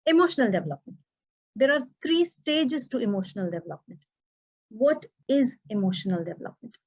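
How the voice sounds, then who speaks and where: A woman, giving an expressive prepared speech as an educator and acting out quoted dialogue. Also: on the high side, fairly quick, breathy edge. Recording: dull muffled recording.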